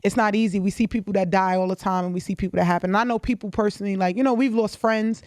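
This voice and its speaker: A woman's voice: medium pitch, steady tone, a little mellow, dry recording, studio quality. A woman in her twenties, a podcast guest talking in an earnest, heartfelt way. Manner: earnest, heartfelt, quick talker. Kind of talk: casual podcast chat.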